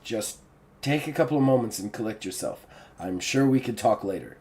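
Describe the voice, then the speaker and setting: A man voicing a kindly, fatherly older officer who speaks softly and soothingly. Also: mid-range voice, animated, moderate pace, voice pushed down, lightly acted. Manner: soft, soothing, calls the listener "me boy".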